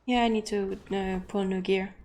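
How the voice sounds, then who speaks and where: A woman's voice: mid-range voice, fairly even intonation, moderate pace, darkish tone. A woman streamer chatting casually and encouraging her teammates while she plays. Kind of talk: casual gameplay chat.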